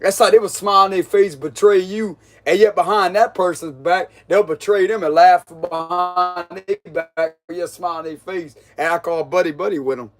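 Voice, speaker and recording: A man's voice: high-pitched, normal speed, hardly any pauses, a bit bright, soft background music. A man giving a casual, mocking tarot reading, full of slang and frequent laughter. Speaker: tarot reader.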